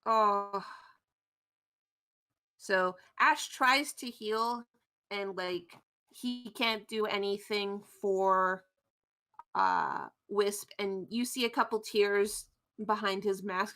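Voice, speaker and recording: A woman running a tabletop game as game master, narrating in a relaxed, descriptive way. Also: mid-range voice, very slow, pauses often.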